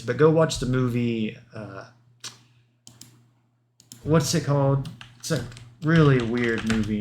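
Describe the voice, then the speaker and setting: In this livestream commentary, a man with a mid-range, fairly bright voice reads through patch notes. He rambles casually, reciting number lists aloud and dropping offhand asides.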